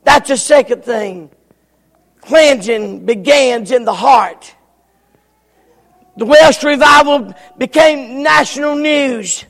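Shouting preacher in an echoing church. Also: male voice, extremely high pitch, takes it slowly, vocal fry, long pauses. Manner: shouting, swinging from loud to hushed. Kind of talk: revival sermon. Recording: church hall reverb.

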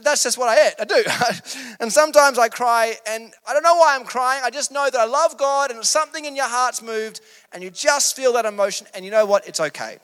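A man's voice: extremely high pitch, fairly quick, a bit bright, smooth, big-room sound. A man preaching a sermon in an earnest, emphatic, conversational way.

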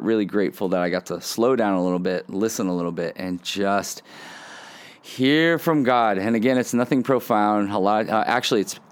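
A man with a fairly low voice hosts a casual devotional podcast. He sounds earnest and reflective, talking to listeners in a loose, conversational way from his front porch. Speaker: podcast host.

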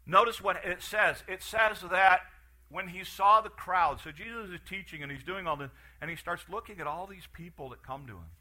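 A man preaching a sermon, animated and storytelling, with frequent restarts and acted-out farm scenes. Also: high-pitched, moderate pace.

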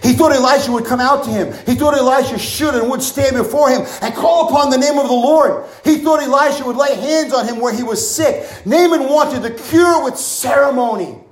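A man's voice: very high-pitched, a little fast, few pauses, roomy sound, low-quality recording. A man preaching a sermon with bursts of exclamations and rhetorical questions.

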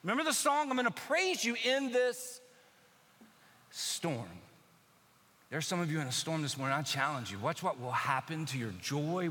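Male pastor, high bright voice, animated conversational sermon, church hall reverb. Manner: animated, conversational preaching with acted-out quotes. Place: church sanctuary.

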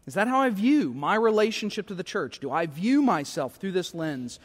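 A middle-aged male pastor preaches with a notably high voice, his words trailing off into the long reverb of the sanctuary. He talks in a conversational, self-deprecating way, often tagging his points with quick questions to the congregation. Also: very animated. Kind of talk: sermon. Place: church sanctuary.

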